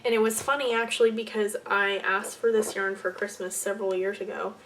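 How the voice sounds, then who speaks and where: A young woman hosting a casual knitting podcast, rambling and correcting herself, often trailing off into soft muttered asides. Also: mid-range voice, fairly even intonation, brisk, distant mic, slight background noise. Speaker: podcast host.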